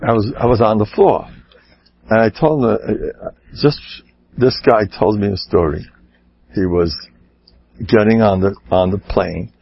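A lively man spins comic tales in a husky voice, his pitch leaping as he imitates others. The recording is dull and lo-fi. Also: moderate pace. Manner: animated, laughs at own stories, mimics people with rising voice. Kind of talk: humorous storytelling talk.

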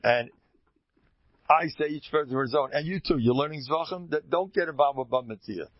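A man's voice: on the high side, brisk, no room sound. A man giving an informal, emphatic Torah talk as a teacher, often repeating phrases for stress. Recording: dull lo-fi dry recording.

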